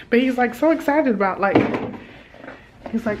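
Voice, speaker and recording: A woman, chatting casually to viewers as a flight attendant vlogger and telling a story with animated asides. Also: medium pitch, brisk, noisy background. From Texas. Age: 30s. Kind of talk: casual vlog chat. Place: hotel hallway and room. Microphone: handheld compact camera.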